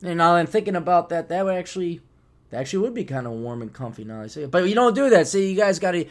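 A man hosting a podcast alone, rambling in a sarcastic, casual monologue with sudden loud bursts, tired and just waking up. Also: on the high side, lively intonation, quick pace. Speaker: podcast host.

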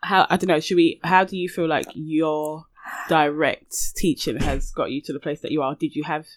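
Higher-voiced man in a reflective podcast chat. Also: level tone, normal speed, no echo. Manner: reflective, speaks in restarts and asides. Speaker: podcast co-host. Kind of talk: casual podcast discussion.

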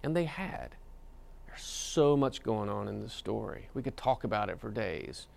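Male preacher, gravelly, relaxed conversational sermon delivery with frequent fillers. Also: on the low side, a little slow. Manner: conversational storytelling with many fillers and restarts. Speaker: pastor.

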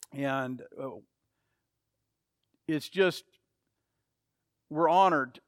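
Emphatic high-voiced male preacher. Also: a bit bright, no room sound, clean studio sound. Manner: emphatic, repeats key phrases. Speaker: pastor. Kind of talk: sermon.

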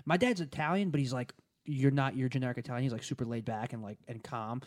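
A man's voice: medium pitch, fast talker. A young man, a stand-up comedian, in casual podcast chat, rambling with lots of fillers and swearing. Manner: rambling, profane, many fillers and restarts.

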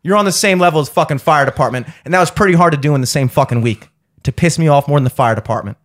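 High-voiced ranting man. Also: racing, fairly bright tone. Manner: heated, sweary, mocking. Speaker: podcast host. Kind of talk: profane ranting story.

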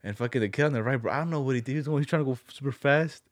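A man's voice: mid-range voice, very fast, no echo, clean studio sound. A young man telling a story in a loose, slangy way, often repeating words as he goes. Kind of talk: casual chat.

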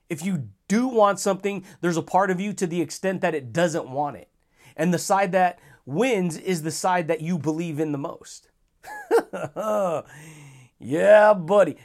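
A man with a high-pitched voice hosts a motivational podcast alone. He talks casually and enthusiastically in slang, calls his listeners buddy, and chuckles often between points. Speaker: podcast host.

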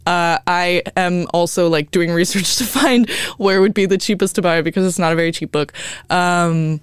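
A woman's voice: fairly low pitch, moderate pace, clear, resonant tone, no echo, studio quality. A young woman hosting a radio show, rambling casually, swearing freely and laughing often.

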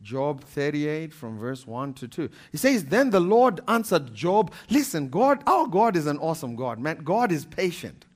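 High-voiced man preaching emphatically. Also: moderate pace, hardly any pauses. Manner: animated, emphatic preaching with laughs and repetition. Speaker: pastor. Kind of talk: sermon.

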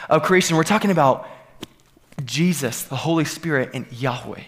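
Male pastor, slightly high voice, earnest sermon delivery with emphatic builds. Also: moderate pace. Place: church sanctuary.

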